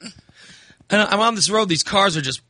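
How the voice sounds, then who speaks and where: A man's voice: sits high, expressive, normal speed, pushed and bright, no room sound, studio quality. A man casually telling a long story in a chat, acting out the voices of people he met and swearing freely.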